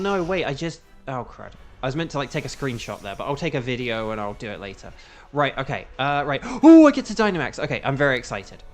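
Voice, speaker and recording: Chatty lively young man. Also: a little high. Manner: rambling, lots of "like" and restarts, bursts of excitement. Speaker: streamer playing a game. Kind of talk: casual gaming commentary.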